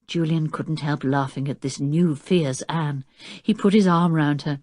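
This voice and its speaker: A woman narrating an audiobook with expressive storytelling. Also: low-pitched, a little slow, no room sound, studio quality. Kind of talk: scripted narration.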